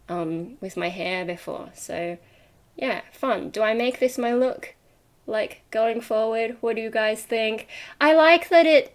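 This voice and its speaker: A young woman talks straight to her camera in a loose, rambling vlog. She drifts from one tangent to the next, peppering her sentences with ums and likes. She laughs easily as she chats. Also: a little high. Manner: chatty, laughs often while talking. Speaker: vlogger. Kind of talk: casual rambling chat to camera.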